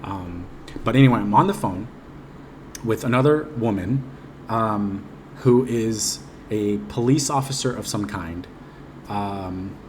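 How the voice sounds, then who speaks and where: A man's voice: lowish voice, slow pace, a little mellow, slight background noise. A man casually retelling a dream in a rambling, hesitant way, full of ums and restarts. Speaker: vlogger recounting a dream. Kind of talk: casual personal storytelling.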